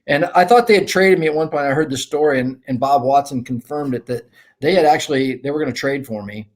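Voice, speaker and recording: A middle-aged man, a former ballplayer and guest, telling rambling, animated anecdotes in casual conversation. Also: mid-range voice, fast talker. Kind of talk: casual storytelling.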